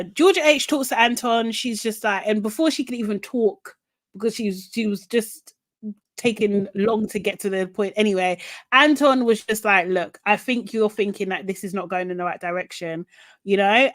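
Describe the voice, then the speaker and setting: A woman co-hosting a podcast, recapping a TV show in animated casual chat, quoting people and swearing. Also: fairly high pitch, no echo. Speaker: podcast co-host.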